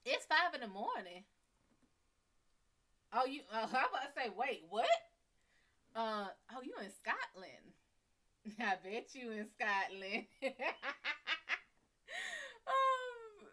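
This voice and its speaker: A woman's voice: on the high side, expressive, unhurried, pauses often, bright, forceful tone. A woman giving casual live-stream psychic readings, slangy and playful, laughing often and calling viewers "sugar". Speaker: psychic card reader.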